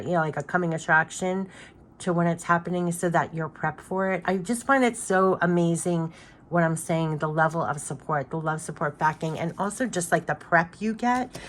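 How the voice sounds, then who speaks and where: A middle-aged woman talks through a spiritual card reading in a loose, chatty way, full of ums and likes. Her voice sits a little low for a woman. She rambles and circles back as she goes. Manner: chatty, rambling, many fillers and "like".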